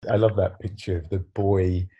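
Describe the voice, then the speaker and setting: A man's voice: sits low, fairly even intonation, moderate pace, mellow, slightly rough, lo-fi sound. A man hosting a faith conversation who asks questions and answers with short affirmations. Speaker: host. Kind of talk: interview-style faith conversation.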